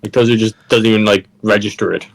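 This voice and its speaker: A man plays his character in a tabletop game, speaking in a lowish, casual voice. He hesitates and says "like" often. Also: fairly even intonation, quick pace, creaky, poor audio. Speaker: player. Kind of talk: tabletop role-play.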